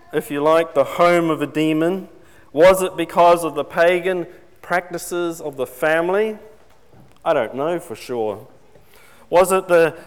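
A man preaches a sermon in a chatty, questioning way, often turning to his congregation. His voice sits a little high. A long reverb trails behind him, as in a large church hall. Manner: conversational, asks the congregation questions.

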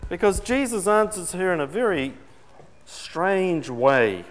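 A man's voice: high-pitched, sing-song, slow, faint music behind. A man preaching a sermon in a conversational way, putting questions to his congregation. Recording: long reverb in a large hall.

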